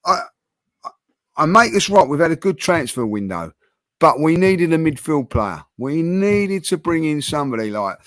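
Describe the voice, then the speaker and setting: On a fan channel's football debate, a male host with a somewhat high-pitched voice talks at a moderate pace. He argues with lively passion, tripping over restarts and filler words along the way. There's no reverb; the audio is dry.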